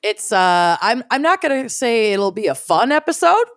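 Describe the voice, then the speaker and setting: A woman's voice: on the high side, moderate pace, no room sound, studio quality. Jokey woman co-hosting a podcast. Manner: chatty, jokey, animated delivery. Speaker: podcast co-host. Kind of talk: casual podcast chat.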